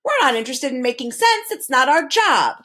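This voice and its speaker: A woman's voice: high voice, big pitch swings, normal speed, a bit bright, pitched above the performer's own voice. A woman voicing a chorus of pompous, fussy royal advisors who reel off grand word lists. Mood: indignant.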